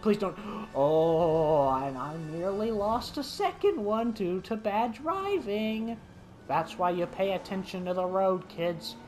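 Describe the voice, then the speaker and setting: A man's voice: sits high, expressive, slow pace, darkish tone, faint music behind. A man giving let's play commentary who talks to the dinosaurs on screen and yelps and shrieks when startled. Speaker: gaming commentator.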